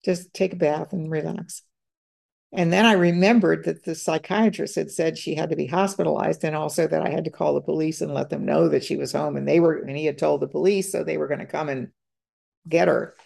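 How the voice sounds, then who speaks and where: An older woman telling a personal story as a podcast guest, halting and repeating words as she quotes others. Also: deep voice, creaky, dark tone.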